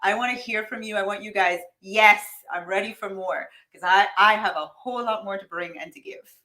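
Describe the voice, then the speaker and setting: Talking a little fast in a pushed, bright voice, a woman hosts a live-streamed money-mindset coaching session. Her delivery is emphatic and high-energy, aimed directly at viewers, and she reads their comments aloud.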